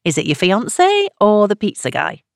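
A woman narrator voicing a soothing radio advice host of about fifty who speaks gently to her callers. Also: medium pitch, huge pitch swings, normal speed, gravelly, dry recording, studio quality, voice pushed up. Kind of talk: audiobook character reading.

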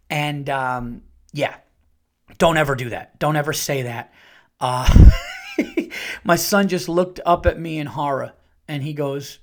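Animated, profane man telling a story. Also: normal speed. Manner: animated, acts out quotes with big jumps in pitch and loudness; profane and conversational. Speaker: podcast host. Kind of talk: casual storytelling monologue.

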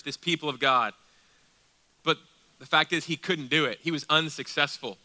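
A man delivers a sermon from the pulpit with a very bright, forceful voice. He presses rhetorical questions on his listeners and then drops to a hushed intensity. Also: medium pitch, moderate pace. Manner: emphatic preaching with rhetorical questions, dropping to quiet intensity. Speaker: pastor.

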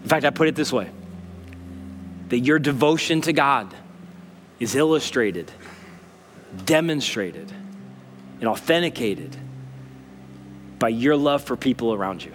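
A man preaching a sermon as pastor, animated as he acts out puzzled listeners, then dropping to slow, low emphasis. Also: slight background noise. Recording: long hall reverb.

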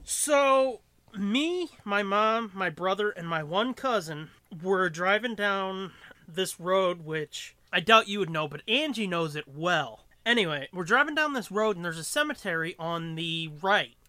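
Bright-voiced dude cohosting a podcast, loud animated storytelling, cusses a lot, dry sound. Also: male voice, sits high, unhurried, clear, resonant tone, no echo. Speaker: podcast co-host. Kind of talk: casual chat.

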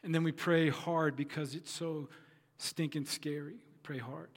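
A man's voice: on the high side, fairly even intonation, measured pace, long reverb tail. A man preaching a sermon as pastor, telling a story with earnest, repeated phrases.

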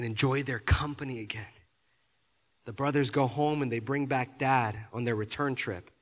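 A man preaching a sermon, often repeating his words and building to loud, emphatic peaks. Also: mid-range voice, normal speed. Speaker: pastor.

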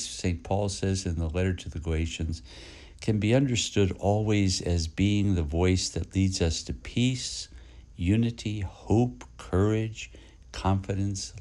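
A man, a priest, giving a reflective podcast homily in a gentle way, with pauses and repeated phrases. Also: low voice.

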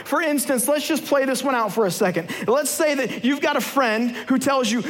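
A man's voice: very high voice, normal speed, hardly any pauses, a bit bright. A man giving a sermon as a guest preacher, humorous and conversational, playfully acting out everyday scenes for his audience. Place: large church hall with live audience. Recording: long hall reverb.

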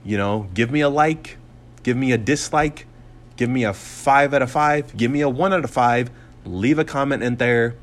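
Male, 20s, solo podcast host and comic; middle-pitched voice, cussing and sarcastic, rambling delivery full of fillers. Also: normal speed.

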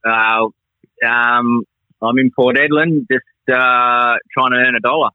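A man's voice: medium pitch, steady tone, slow pace, no echo, phone-quality sound. An Australian man in his forties, a laid-back self-deprecating podcast guest. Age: 40s.

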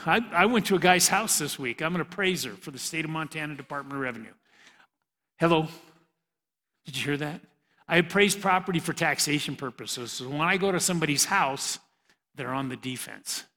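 A middle-aged man teaches the Bible to young people in a loose, chatty sermon and laughs at his own jokes as he goes. His voice is bright and sits a little high. It rings out in a large hall with a long reverb. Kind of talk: casual preaching to a youth group.

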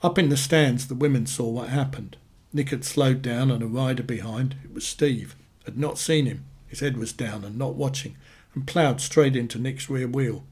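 A man reading short stories aloud in a dry, deadpan way. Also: mid-range voice, moderate pace, breathy edge. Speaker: narrator.

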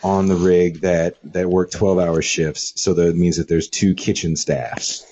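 Deep husky man telling stories. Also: measured pace, muffled recording. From California. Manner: animated, swearing, many restarts. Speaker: guest, former rig cook. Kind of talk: casual podcast storytelling.

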